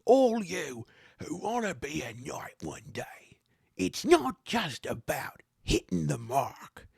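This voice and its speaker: A man voicing a boisterous, excitable male knight trainer who exclaims heartily, in a tabletop game. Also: a little high, slow pace, gravelly, slightly rough, no echo, clean studio sound, voice pushed up, exaggerated voice. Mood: lecturing.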